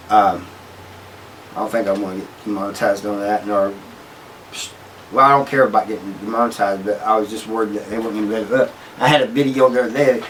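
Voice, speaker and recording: A man's voice: lowish voice, fairly bright tone, a little hiss or hum. Man rambling through a story, slightly distant mic. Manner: rambling, with frequent restarts and "you know" asides. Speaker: channel host telling prison stories. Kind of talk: casual storytelling to camera.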